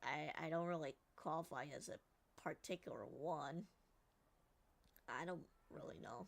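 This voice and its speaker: A woman's voice: sits low, a little slow, gravelly, pauses often. A woman streaming a game, giggly and rambling as she comments.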